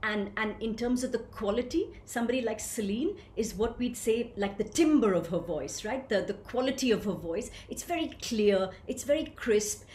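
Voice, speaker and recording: A woman leading a voice workshop for coaches, lively and questioning, answering participants by name. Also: fairly high pitch, moderate pace, hardly any pauses, reverberant, a little hiss or hum. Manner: animated, asks the group questions and answers them. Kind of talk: live online workshop teaching.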